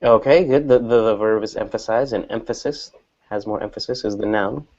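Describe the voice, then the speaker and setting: A man's voice: on the low side, a little mellow. Patient male English teacher, lo-fi. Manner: patient, explains slowly with repeated examples. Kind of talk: classroom teaching. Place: classroom.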